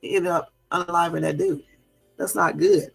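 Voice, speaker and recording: A man with a gravelly, raised voice hosts a casual livestream and talks in an indignant, rambling way. He fills his talk with "um" and speaks straight to his live viewers. Soft music plays faintly behind him. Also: a little high, fairly even intonation, normal speed. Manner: indignant, rambling with many fillers; chats with and answers live viewers. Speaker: livestream host.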